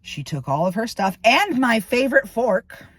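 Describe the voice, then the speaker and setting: A woman's voice: fairly high pitch, big pitch swings, normal speed, fairly bright tone, a little hiss or hum. A woman venting to camera, ranting in heated, profane bursts about a falling-out. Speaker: vlogger. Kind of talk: angry personal venting to camera.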